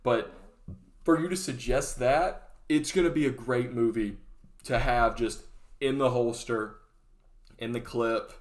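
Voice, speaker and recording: A man's voice: medium pitch, unhurried, long pauses. A young adult man hosting a movie review vlog, talking in a chatty, rambling way that keeps interrupting itself. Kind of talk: casual rambling vlog rant.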